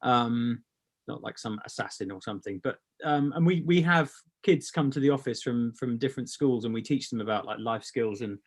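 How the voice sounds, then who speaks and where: A man's voice: mid-range voice, moderate pace. Rambling man telling stories. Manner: rambling, repeats words, swears casually. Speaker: brand founder, guest. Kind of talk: casual storytelling interview.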